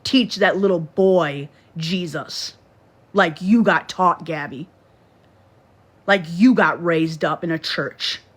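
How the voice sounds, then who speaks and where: Lying in bed in her bedroom, a woman livestreams from her phone, lecturing and scolding in a preachy, repetitive way. Her voice is lowish, slow, and husky.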